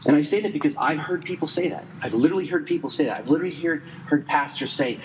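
A man preaching a sermon conversationally, quick in places and slow and emphatic in others, saying he is losing his voice. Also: on the high side, in a large hall, noisy background. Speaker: pastor.

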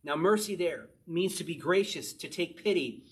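A married man preaching a sermon, moving from quick personal asides to slow, emphatic scripture reading. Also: fairly high pitch. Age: adult, married. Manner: animated preaching, shifts between fast asides and slow emphatic verse reading. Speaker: pastor.

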